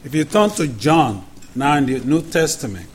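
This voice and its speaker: A man, a pastor, leading a prayer and then preaching a sermon in a church, speaking deliberately and repeating questions for emphasis. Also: on the high side, lively intonation, a little hiss or hum. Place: church sanctuary.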